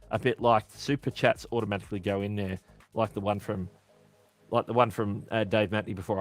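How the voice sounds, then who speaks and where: An Australian man hosting a casual live-stream Q&A, chatty and often correcting himself mid-sentence. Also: mid-range voice. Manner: chatty, self-correcting, answering chat questions. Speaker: livestream host.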